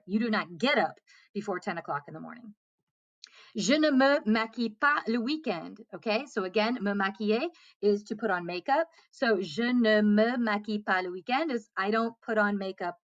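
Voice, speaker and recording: A woman's voice: mid-range voice, fairly bright tone, no room sound, highs cut off. A woman French teacher explaining grammar to her class in a patient way, often checking in with "okay?" and repeating key points. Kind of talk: classroom lesson.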